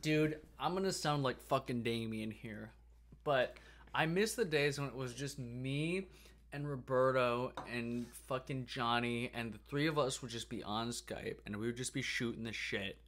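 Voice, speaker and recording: A man's voice: mid-range voice, normal speed, fairly bright tone. A man co-hosting a podcast in casual chat, talkative, swearing freely and slipping into silly voices. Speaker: podcast co-host.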